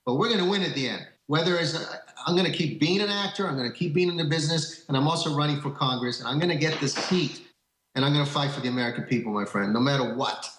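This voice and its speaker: A man's voice: on the high side, fast, fairly bright tone, reverberant, poor audio. A man, a guest on a talk show, speaking earnestly and stumbling over repeated words. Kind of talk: phone-in interview.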